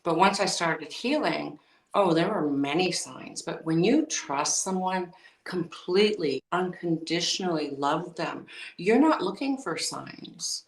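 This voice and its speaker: A woman's voice: on the low side, animated, unhurried, reverberant, far from the mic, poor audio. A woman as a podcast guest, telling an emotional personal story and acting out remembered conversations. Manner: emotional, recounting with quoted dialogue.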